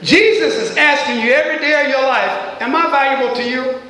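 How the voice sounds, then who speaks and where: A man's voice: very high voice, fairly quick, bright, forceful tone. A man preaching a sermon, throwing questions at the congregation and pressing each point with rising emphasis. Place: church. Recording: echoey church hall.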